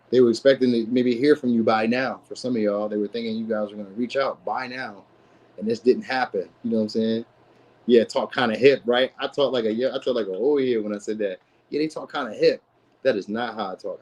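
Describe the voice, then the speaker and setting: A man's voice: on the low side, darkish tone, poor audio. A man who is a father, giving a casual live tarot reading in a slangy, rambling way. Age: adult, a father. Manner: slangy, rambling, lots of "you know what I mean". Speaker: tarot reader streamer.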